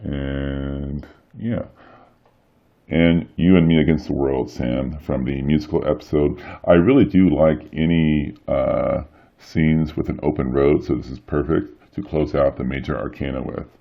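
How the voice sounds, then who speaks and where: A man with an extremely deep, gravelly voice talks through an unboxing review, musing aloud and pausing on fillers. The recording sounds dull and lo-fi. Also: steady tone. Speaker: tarot deck reviewer.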